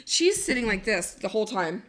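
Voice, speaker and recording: A woman co-hosting a podcast, telling a story in an animated way, laughing often and acting out what people said. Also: mid-range voice, normal speed, slight background noise. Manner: animated, laughing, swearing, acts out quotes. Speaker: podcast co-host. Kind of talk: casual storytelling.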